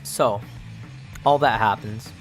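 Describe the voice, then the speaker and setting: A man playing a solo tabletop game, muttering dice counts aloud and narrating the results in a relaxed, casual way. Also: fairly low pitch, slow pace. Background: faint background music.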